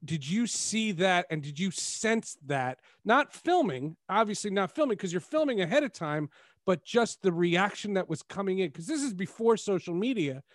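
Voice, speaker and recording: A male podcast host with a slightly high voice, talking in a casual, rambling way. The recording is dry and close, with no room sound. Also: big pitch swings, moderate pace, no room sound. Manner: rambling, restarts mid-thought. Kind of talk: casual interview chat.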